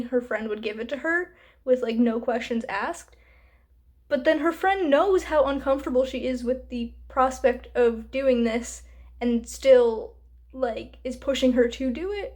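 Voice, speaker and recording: A woman's voice: high voice, darkish tone. Chatty exasperated woman book vlogger. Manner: chatty and exasperated, many fillers. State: hiccuping. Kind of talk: casual reading vlog rant.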